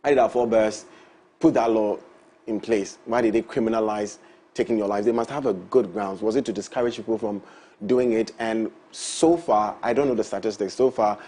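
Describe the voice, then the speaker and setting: A man's voice: lowish voice, moderate pace, mellow. A man with a Ghanaian English accent speaking as a panelist in a studio discussion, thinking aloud with hesitant restarts. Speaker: show panelist.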